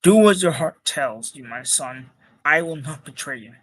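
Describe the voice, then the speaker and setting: A man reading the part of a kindly, proud old farmer father in a plain gentle way. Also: on the high side, animated, moderate pace, no room sound.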